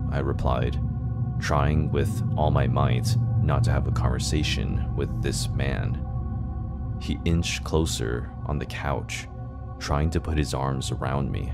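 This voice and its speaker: A man narrating a scary first-person story in a steady, scripted delivery. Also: a bass voice, measured pace, creaky. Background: background music.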